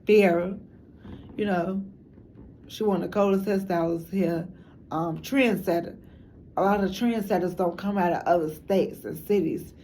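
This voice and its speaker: A woman's voice: on the low side, unhurried, warm tone, slight background noise. A woman from Chicago with a Chicago accent, talking frankly and loosely in slang for a documentary. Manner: rambling, slangy, frank, laughs often. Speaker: documentary interviewee. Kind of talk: casual talk to camera.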